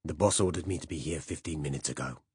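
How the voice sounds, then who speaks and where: A man voicing a gruff, bullying secret policeman in his thirties who growls and hectors, with a working-class Berlin accent. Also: rumbling low, fast talker, darkish tone, no echo, studio quality, full character voice. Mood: irritated.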